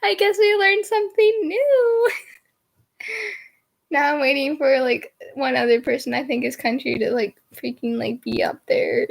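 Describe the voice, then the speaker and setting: A young woman with a notably high voice chats on camera in a loose, rambling storytime style. She giggles often and strings her story together with filler words, keeping it casual and unpolished. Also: a little slow, vocal fry. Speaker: vlogger.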